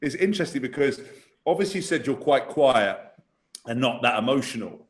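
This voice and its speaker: A man's voice: mid-range voice, expressive, brisk. A man co-hosting a podcast in casual chat, asking teasing, playful questions. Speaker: podcast co-host.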